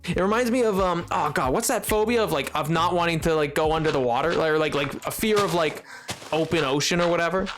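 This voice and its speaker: A man's voice: fairly high pitch, fairly quick, over music. A man chatting casually on a game stream, rambling and giggly with lots of fillers. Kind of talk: casual live-stream chat.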